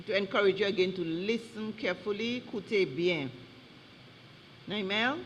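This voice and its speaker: A man, acting as a spelling bee pronouncer, saying each word twice slowly and clearly. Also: high voice, a bit bright, dull audio. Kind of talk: formal competition announcing. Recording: reverberant hall with faint noise.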